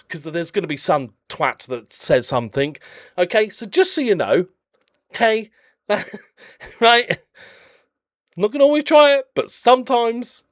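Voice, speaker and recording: A man's voice: sits high, no echo, studio quality. A man casually commentating on his own game footage, chatty and jokey, rambling off into blunt little rants. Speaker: game channel host.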